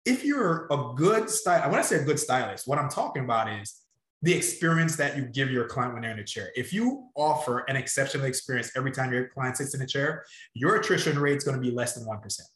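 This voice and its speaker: A man's voice: mid-range voice, lively intonation, fast, a bit bright, reverberant. A man coaching salon owners in a casual podcast chat, emphatic and direct, pushing listeners to act.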